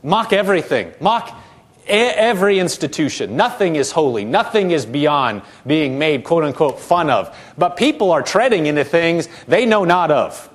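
A man's voice: a little high, expressive, moderate pace. A male pastor preaching a sermon, asking his congregation questions and repeating words as he goes.

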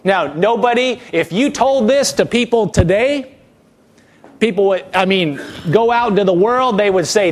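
A man with a notably high voice preaches through a scripture passage verse by verse. He reads the text, then breaks off to act out the people's complaints in a whiny tone before pressing his point. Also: moderate pace. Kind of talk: expository sermon reading scripture.

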